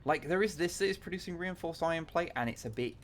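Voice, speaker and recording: A man's voice: a little high, expressive, fast, slight background noise. A man, chatting casually on a gameplay livestream, thinking aloud with lots of fillers, restarts and offhand swearing. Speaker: livestreamer playing a factory-building game.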